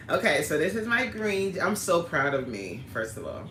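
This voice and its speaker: A woman's voice: fairly low pitch, sharp tone, echoey room, a little hiss or hum. A woman hosting a casual livestream, chatting and reading viewer comments aloud with lots of laughter. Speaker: livestream host. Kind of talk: casual live-stream chat.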